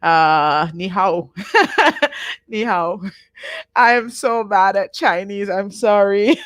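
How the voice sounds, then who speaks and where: A woman teaching a live online Japanese class, patient and repeating each word slowly for her learners. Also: medium pitch, no echo, clean studio sound.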